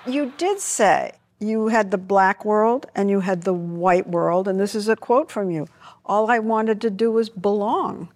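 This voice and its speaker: A woman's voice: mid-range voice, measured pace, darkish tone. A woman conducting a broadcast interview, asking probing questions in a conversational way.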